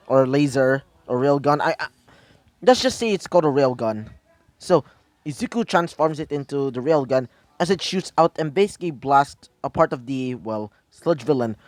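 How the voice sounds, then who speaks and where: A man's voice: mid-range voice, expressive, moderate pace, no room sound. Rambling young man telling a story. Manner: rambling, many fillers, restarts. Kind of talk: improvised fan story narration.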